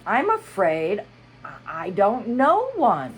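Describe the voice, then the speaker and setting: A woman's voice: medium pitch, huge pitch swings, slow, slight background noise, voice pushed up. A woman voicing a polite, curious young girl in a storybook reading, with earnest questions.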